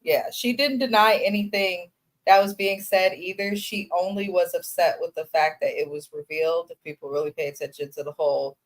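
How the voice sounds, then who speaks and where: Female recap co-host, lowish voice, blunt and opinionated. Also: moderate pace. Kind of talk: casual recap chat.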